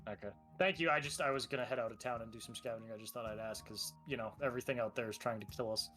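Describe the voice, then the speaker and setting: A man's voice: mid-range voice, fairly even intonation, racing, bright, forceful tone, faint music behind, close to an everyday voice. A man voicing a polite young male scavenger who stammers and hesitates as he asks questions.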